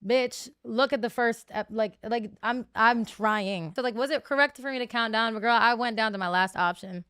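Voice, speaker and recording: Bright, animated young woman guest. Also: normal speed, clear, resonant tone, dry recording, clean studio sound. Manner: animated, profane, acts out quotes with sharp jumps in pitch and volume. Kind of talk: candid storytelling interview.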